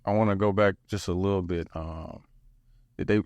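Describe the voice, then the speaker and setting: A man's voice: deep voice, steady tone, moderate pace, darkish tone, no echo, dull audio. A man hosting a casual podcast interview who mostly murmurs brief replies and asks follow-up questions. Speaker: podcast host.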